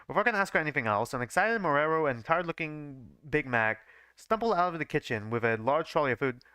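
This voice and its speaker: Lively bright-voiced young man reading aloud. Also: on the high side, quick pace, clear, resonant tone, dry recording. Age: young adult. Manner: breaks off to mock his own writing, swearing and laughing; stumbles and restarts over lines. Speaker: streamer reading his own fanfiction. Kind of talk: live reading with offhand commentary.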